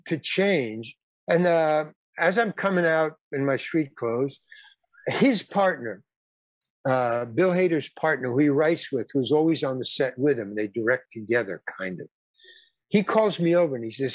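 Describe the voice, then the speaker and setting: A man's voice: on the high side, expressive, measured pace, dry recording. A man in his eighties, a guest actor and comedian, telling casual anecdotes in a rambling way, with repeated words, restarts and some blunt swearing.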